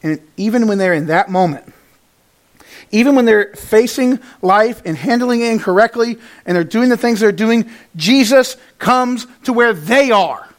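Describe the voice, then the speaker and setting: A man with a high-pitched voice preaching a sermon. He swings from loud, emphatic stretches to hushed, quiet ones and acts out the words he quotes in an animated way. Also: moderate pace. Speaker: pastor.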